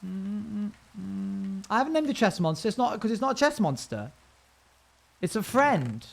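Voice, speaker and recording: Huge pitch swings mark this high male voice, which moves fairly quickly. He streams a game live, chatting loosely with viewers, reading out their comments, and humming and scatting without much tune while building.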